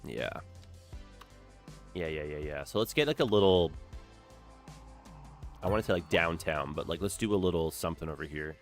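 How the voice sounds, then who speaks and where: A man's voice: sits low, animated, normal speed, long pauses, faint music behind. Chatty man streaming a game. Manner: chatty and upbeat, lots of "like" and "eh?". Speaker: streamer playing a city-building game. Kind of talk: casual live-stream commentary.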